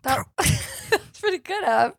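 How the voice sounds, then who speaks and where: A woman's voice: extremely high pitch, lively intonation, slow pace, gravelly, a bit bright, no room sound, studio quality. A young woman co-hosting a podcast in casual chat, joking, laughing often and swearing freely. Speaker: podcast co-host.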